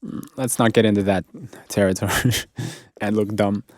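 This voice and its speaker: Deepish man asking playful questions. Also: fairly even intonation, normal speed, no echo, studio quality. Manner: curious, playful, asks lots of questions. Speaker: host, English teacher in Ukraine. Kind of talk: casual interview chat.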